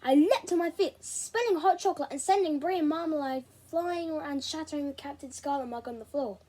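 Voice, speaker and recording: A woman reading a children's novel aloud in an expressive, animated way. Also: high voice, brisk. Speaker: reader.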